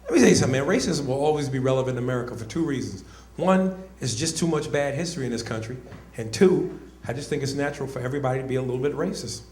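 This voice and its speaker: A man doing a stand-up comedy set, loud and animated, with profane, punchy crowd address and bursts of shouted grunting noises. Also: mid-range voice, rapid-fire. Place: comedy club stage. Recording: echoey club with audience ambience.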